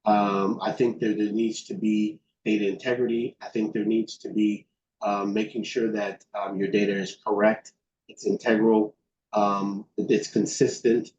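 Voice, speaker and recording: A man's voice: on the low side, little pitch movement, a little slow, a little mellow. A man giving interview answers on a video call, thoughtful, with many fillers and restarts. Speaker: guest expert. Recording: roomy, dull sound with faint background noise.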